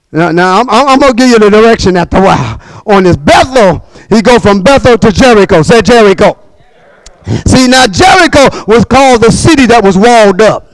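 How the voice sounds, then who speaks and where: A man preaching a sermon with call-and-response, bursts of shouting and quick repeated words. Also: high voice, no room sound, low-quality recording.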